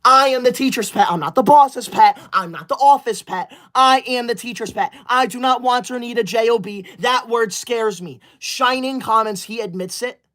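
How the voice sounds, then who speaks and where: A man's voice: extremely high pitch, normal speed, hardly any pauses, fairly bright tone. A man playing a bossy teacher's-pet streamer. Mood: indignant. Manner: indignant, scolding, self-righteous. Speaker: livestreamer character. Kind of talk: comedic skit of a livestream.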